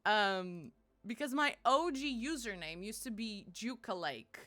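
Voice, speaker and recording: Bright, lively young woman streaming. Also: medium pitch, unhurried. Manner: animated and chatty, laughing and apologizing often; squeals loudly when excited. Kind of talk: casual live-stream chat.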